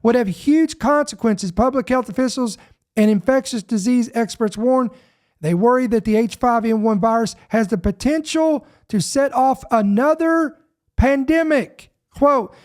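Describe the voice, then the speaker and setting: A man from Georgia, hosting a podcast and reading news headlines aloud. He talks emphatically, slows down to stress certain words and often repeats himself mid-sentence. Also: very high-pitched, darkish tone. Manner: repeats himself, self-interrupting. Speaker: podcast host.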